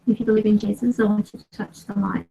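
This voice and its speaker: Female ghost-hunting vlogger, husky voice, firm and commanding, dull lo-fi recording. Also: mid-range voice, fairly even intonation, fast talker, dark tone. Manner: firm, commanding questions to unseen spirits. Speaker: paranormal investigator. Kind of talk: spirit-box session vlog.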